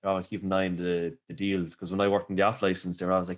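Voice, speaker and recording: A man's voice: sits low, level tone, rapid-fire, few pauses. A man hosting a podcast, telling rambling stories in casual chat and laughing often. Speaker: podcast host.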